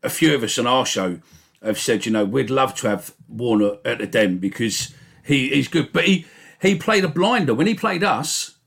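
A man with a gravelly voice and a mid-range pitch leads a football podcast round table. He hands the floor to guests and tells jokey stories, cursing along the way. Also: lively intonation, moderate pace, a bit bright. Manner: jokey, swearing storyteller. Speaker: podcast host. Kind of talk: casual chat.

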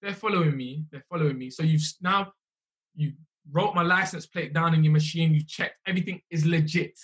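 A young man, a musician telling his story in a casual, animated way, often repeating himself. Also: on the high side. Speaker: musician guest.

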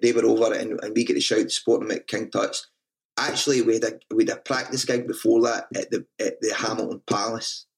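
A man's voice: on the low side, level tone, fast talker. A Scottish man, a band frontman, telling stories in a casual interview, swearing freely and often restarting his sentences. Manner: swears freely, restarts a lot, self-mocking.

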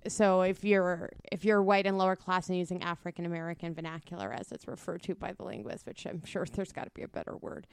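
A woman's voice: on the low side, fast talker, creaky, hardly any pauses, clear, resonant tone. A woman co-hosting a podcast, explaining points thoughtfully with many fillers. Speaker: podcast co-host. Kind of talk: casual chat.

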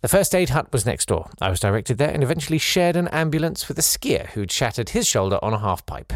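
A man's voice: mid-range voice, fairly quick, no room sound, clean studio sound. A man hosting a podcast, reading out a listener's letter with playful asides of his own. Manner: animated, playful asides between read passages.

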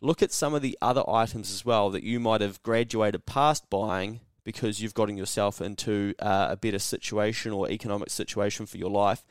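A man's voice: lowish voice, normal speed, few pauses, clear, resonant tone, dry recording, clean studio sound. A man with a New Zealand accent hosting a solo podcast, talking bluntly and sarcastically and acting out mock dialogues. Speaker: podcast host. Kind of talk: casual solo podcast monologue.

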